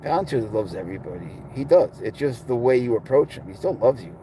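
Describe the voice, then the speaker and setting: A man's voice: mid-range voice, lively intonation, brisk, mellow, slight background noise. A man chatting casually in a blunt, sarcastic way, answering viewers' comments on a livestream. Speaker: pet owner streaming to viewers.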